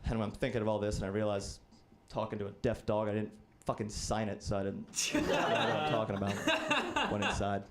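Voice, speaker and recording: A man's voice: on the low side, sing-song, fairly quick, few pauses, slight background noise. A man in his twenties doing a stand-up comedy set, telling rambling, self-deprecating stories. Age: 20s.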